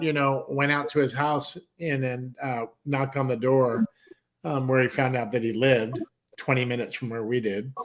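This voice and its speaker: A man, a country music artist, telling a long personal story on a talk show, acting out the other people's voices as he goes and swearing casually. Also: medium pitch. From San Diego, California. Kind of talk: animated storytelling.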